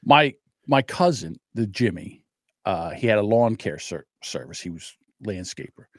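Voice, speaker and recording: Animated, lively-voiced man telling stories. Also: on the low side, unhurried, dry recording, studio quality. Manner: animated storyteller, acts out quotes loudly. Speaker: podcast host. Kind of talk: casual chat.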